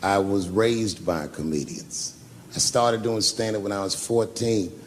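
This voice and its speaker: A man's voice: lowish voice, a little slow, slight background noise. A middle-aged man doing a profane, conversational stand-up comedy set, telling stories and talking with the crowd. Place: comedy club stage before a live audience.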